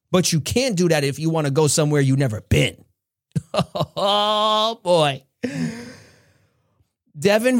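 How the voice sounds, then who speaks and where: A man from New York giving an earnest, preachy motivational talk with frequent laughs. His voice sits high, and the recording is dry and close. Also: no echo. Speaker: podcast host, motivational speaker.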